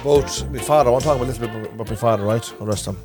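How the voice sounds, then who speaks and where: A man's voice: mid-range voice, rapid-fire, music in the background. A man with an Irish Traveller accent, a podcast host who rambles and repeats himself while telling family stories in a casual chat recorded in a caravan.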